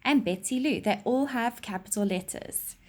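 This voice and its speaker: A woman teacher giving a reading lesson to young children, speaking clearly and reading a rhyme aloud with lively expression. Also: on the high side, normal speed.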